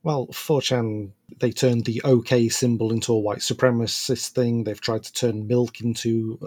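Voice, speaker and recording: A man with a slightly husky voice co-hosts a podcast in relaxed, chatty talk. He laughs often and trails off into fillers as he goes. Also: medium pitch, measured pace. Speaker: podcast co-host. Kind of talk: casual podcast chat.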